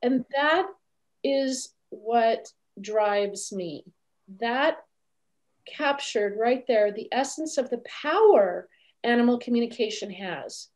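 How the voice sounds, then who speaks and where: A woman guest telling a story in an interview over a video call, lively and acting out what others said. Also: fairly high pitch, slow pace. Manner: animated, acts out quoted voices. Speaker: animal communicator guest.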